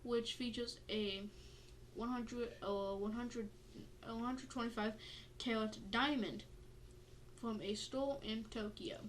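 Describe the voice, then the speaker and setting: A tired, yawning woman co-hosts a casual podcast chat, her voice sitting on the high side. She is playful and jokey, drifting off-topic. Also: fairly even intonation, slow, slight background noise. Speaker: podcast co-host.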